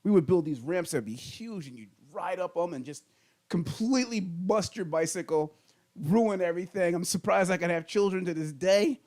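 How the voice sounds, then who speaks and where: A middle-aged man, the podcast host, telling childhood stories in casual, animated chat. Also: high voice, moderate pace. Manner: animated storyteller, laughing through funny stories.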